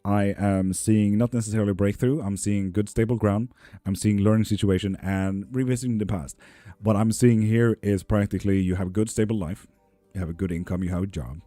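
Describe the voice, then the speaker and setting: This livestream tarot reader, a man in his 30s, has a fairly low, dark voice with fairly even intonation, talking fairly quickly with hardly any pauses. The audio has no room sound and faint music behind him as he jokes, chats with viewers, and reads their comments aloud.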